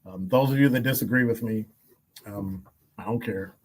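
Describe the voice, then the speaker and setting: A man's voice: on the low side, normal speed. Blunt male commentator firing rhetorical questions. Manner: emphatic, piles up rhetorical questions; blunt, wry asides and chuckles. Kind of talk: opinion commentary.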